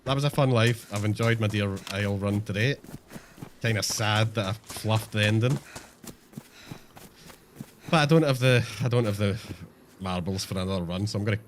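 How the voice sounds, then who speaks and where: A man's voice: on the low side, moderate pace, pauses often, slight background noise. A man streaming a game, chatting casually and self-mockingly to viewers, swearing often. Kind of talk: casual live-stream chat.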